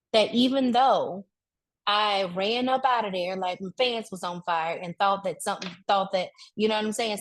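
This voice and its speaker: A woman giving a conversational, preacher-like talk on grief, speaking straight to the crowd in relaxed, colloquial speech. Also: medium pitch. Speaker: speaker at a wellness event.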